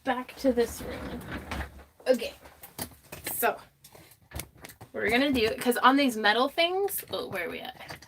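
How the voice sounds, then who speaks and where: A woman's voice: a little high, lively intonation, measured pace, pauses often, noisy background. A woman hosting a casual craft livestream from her home craft room, chatting, laughing often and reading viewer comments aloud.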